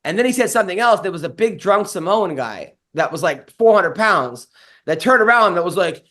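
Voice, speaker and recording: A man's voice: sits high, expressive, moderate pace, pushed and bright. A man, a comedian and podcast host, telling a rambling story in casual chat, full of fillers and swearing.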